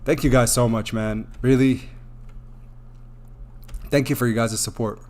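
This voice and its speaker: A man hosting a crypto live stream, reading viewer messages aloud and thanking them over and over, warm and openly emotional. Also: medium pitch, fairly even intonation, unhurried. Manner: effusive, repeats thanks, gets emotional. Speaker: crypto livestream host. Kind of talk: live stream chat, reading super chats.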